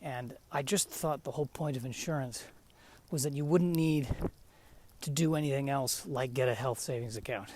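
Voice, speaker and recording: A man's voice: medium pitch, moderate pace, darkish tone, a little hiss or hum. Wry man talking while walking outdoors. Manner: rambling, self-deprecating, wry. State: a bit winded from walking. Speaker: podcast host. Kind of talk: casual solo monologue. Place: outdoors on a residential street.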